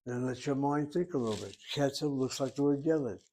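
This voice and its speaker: A man's voice: medium pitch, fairly quick, a little mellow, slight background noise. A man teaching a Hebrew grammar lesson, working through each word step by step and reasoning aloud as he goes. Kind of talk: grammar lecture.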